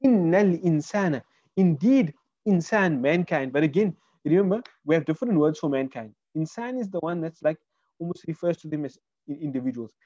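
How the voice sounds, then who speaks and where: Male Arabic teacher on a video call, warm low-key tone, dry close sound, walks through words and quizzes students. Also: lively intonation, a little fast, dry recording, muffled recording. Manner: explains word by word, asks students questions. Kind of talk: online Quran Arabic lesson.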